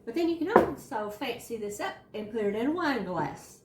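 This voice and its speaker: A woman's voice: fairly high pitch, very animated, moderate pace, darkish tone, reverberant, a little hiss or hum. A woman with a Southern US accent hosting a casual home cooking show, chatting in a folksy, encouraging way from her kitchen. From Southern United States. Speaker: cooking channel host.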